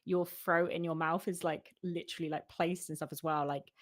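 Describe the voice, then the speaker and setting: A young woman with a British accent chats and giggles her way through a beginners' lesson. Her voice sits a little low for a woman, and her talk is easygoing. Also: fairly even intonation, moderate pace. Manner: giggly, repeats words back, chatty. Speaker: learner. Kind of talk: casual chat in a lesson.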